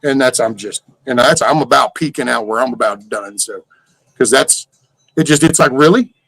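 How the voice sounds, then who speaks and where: A man's voice: mid-range voice, normal speed, creaky, a bit bright, no room sound, low-quality recording. An older man with a drawl, hosting a casual livestream and ranting in rambling, profane rhetorical questions. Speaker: livestream host.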